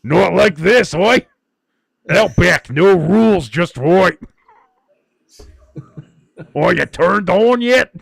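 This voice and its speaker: A man putting on a deliberately bad, loud, goofy Australian-bloke voice as a joke. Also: high-pitched, steady tone, gravelly, voice pushed up, full character voice. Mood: hammy. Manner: loud, exaggerated, jokey.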